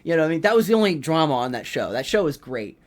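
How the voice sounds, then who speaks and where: A young man hosting a comedy podcast, rambling in an animated, profane way and filling his talk with "like.". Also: a little high, racing. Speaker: podcast host, rookie stand-up comedian.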